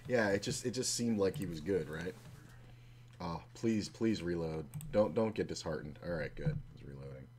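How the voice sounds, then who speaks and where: Brief: deep-voiced man, relaxed poker streamer narrating his hands from his home desk, faint hum behind. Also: moderate pace. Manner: relaxed, chatty, sometimes swearing. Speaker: online poker player streaming his session. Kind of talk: casual running commentary while playing.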